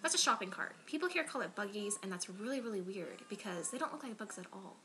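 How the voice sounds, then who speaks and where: A woman's voice: medium pitch, expressive, fast, a bit bright. A woman from Florida chatting casually to camera in a rambling, self-deprecating way, full of "um" and "like.". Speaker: vlogger.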